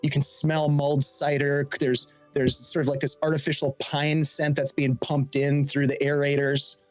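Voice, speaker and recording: A man narrating a sci-fi tabletop game as game master, describing scenes in a halting way with many restarts. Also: fairly high pitch, little pitch movement, faint music behind.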